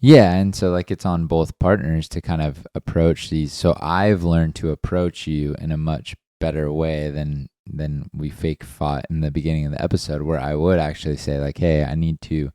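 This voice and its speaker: A man's voice: very deep voice, little pitch movement, moderate pace, hardly any pauses, dark tone, no room sound, clean studio sound. A man co-hosting a podcast, talking through relationship examples in a casual, reflective way and acting out little dialogues. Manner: reflective, talks through examples with acted-out quotes. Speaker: podcast co-host. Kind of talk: casual chat.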